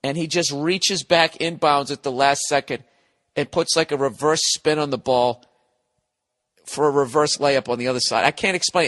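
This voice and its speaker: A middle-aged man hosting a podcast, rambling casually in an animated, profane, sarcastic way. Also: on the high side. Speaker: podcast host.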